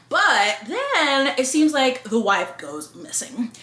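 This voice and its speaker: A woman reviewing books in a casual, blunt, expressive way and swearing freely. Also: high voice, very slow, reverberant. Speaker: book reviewer.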